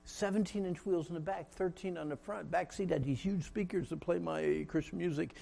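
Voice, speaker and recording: Gravelly middle-aged man preaching. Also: on the high side, a little fast. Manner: storytelling, swings from loud and laughing to hushed and solemn. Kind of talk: sermon.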